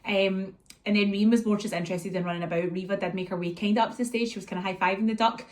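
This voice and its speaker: A woman with a Scottish accent chatting casually to her viewers, telling animated stories and acting out what was said. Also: medium pitch, fast. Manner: chatty and animated, acts out scenes and quotes her kids. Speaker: vlogger catching up with viewers. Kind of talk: casual chat, storytelling.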